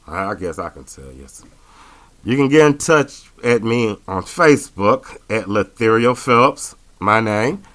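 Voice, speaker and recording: A man's voice: lowish voice, animated, unhurried, fairly bright tone. A man hosting a casual talk radio show, rambling and joking with lots of fillers and restarts.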